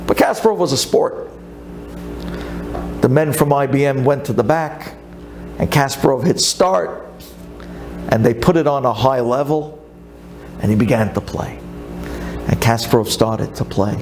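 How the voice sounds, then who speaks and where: A man, a rabbi, telling a story in a sermon with animated, dramatic delivery. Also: medium pitch, unhurried, long pauses, music in the background.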